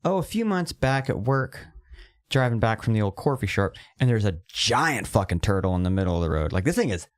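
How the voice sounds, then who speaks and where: A young man co-hosting a podcast, telling stories in an animated way, laughing and acting out the voices. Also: on the low side, a little fast. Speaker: podcast co-host. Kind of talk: casual chat.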